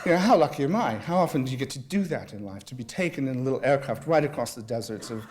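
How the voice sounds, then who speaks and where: A man speaking at a public talk, mixing anecdote with reading aloud. His telling is wry and self-deprecating, with a mid-pitched voice. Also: expressive, fast talker, a little mellow, slight background noise. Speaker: guest speaker. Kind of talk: humorous storytelling and reading aloud.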